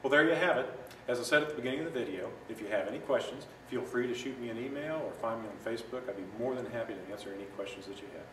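A man's voice: medium pitch, racing, few pauses, a bit bright. A man giving a patient, step-by-step music lesson, sometimes singing phrases in scat syllables. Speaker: music teacher. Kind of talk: instructional walkthrough. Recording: echoey room from a distance with noise.

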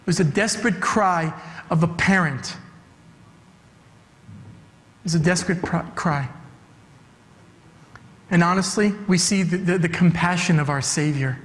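A man's voice: sits high, measured pace, long pauses, fairly bright tone. A man preaching a sermon as youth director, emphatic and repeating his key phrases for weight. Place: church sanctuary. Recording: long church hall reverb.

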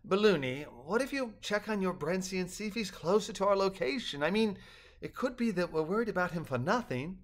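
Ed, an earnest and slightly flustered storybook man, read by an older man, raising his voice higher than usual and fumbling a little for words. He sounds eager to help. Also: lively intonation, a little fast.

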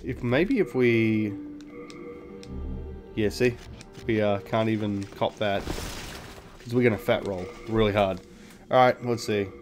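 A man's voice: fairly low pitch, slow pace, pauses often, faint music behind. A man giving casual gameplay commentary, thinking aloud, explaining game mechanics and swearing freely. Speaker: gaming video host.

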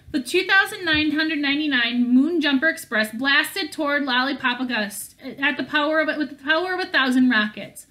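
A woman reading a novel aloud in a steady manner, with small slips and restarts along the way. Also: high-pitched, moderate pace, few pauses. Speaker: audiobook reader.

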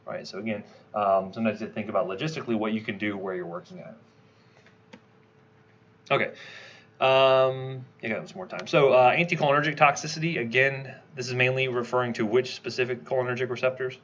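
A man giving a conversational lecture, quizzing his class with quick questions as he teaches. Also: medium pitch, fairly bright tone, muffled recording, a little hiss or hum. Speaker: toxicology lecturer.

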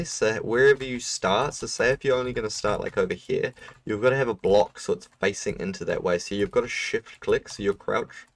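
A young man streams a game and offers casual commentary, explaining a build to a viewer in a laid-back way. He laughs often, and his mid-range voice sounds far from the mic, with no room sound.

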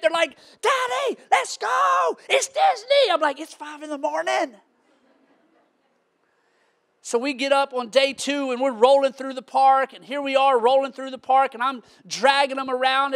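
A man, preaching a sermon as pastor with animated, shouting storytelling. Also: extremely high pitch.

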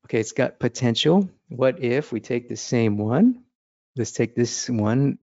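Gravelly man chatting through a sketch. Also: medium pitch, lively intonation, unhurried, darkish tone, dry recording, highs cut off. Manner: chatty, laughing, thinking aloud while sketching. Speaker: art instructor. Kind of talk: casual drawing lesson.

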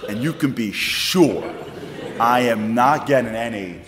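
Animated New York man in an echoey hall. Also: mid-range voice, moderate pace, a crowd in the background. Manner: animated, comic storytelling with acted-out quotes. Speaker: public speaker. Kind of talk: storytelling lecture. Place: large congregation hall with audience.

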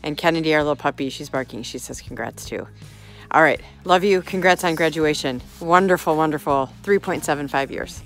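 A woman's voice: sits low, a little fast, soft background music. A woman giving a bubbly, affectionate congratulations message. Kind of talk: casual video message.

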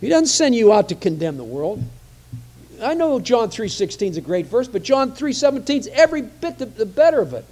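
A man's voice: very high voice, big pitch swings, a little fast, darkish tone. A man preaching a conversational sermon, often repeating phrases for emphasis.

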